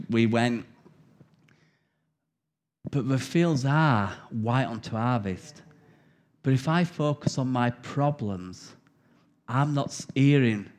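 A man with an English accent preaching a sermon, telling stories with laughter and reading scripture earnestly. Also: medium pitch. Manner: anecdotal storytelling, animated and laughing.

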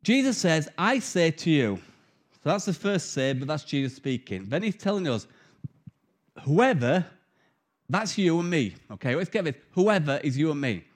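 A middle-aged man, preaching a sermon and telling a personal story in an animated, conversational way. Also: a little high, moderate pace.

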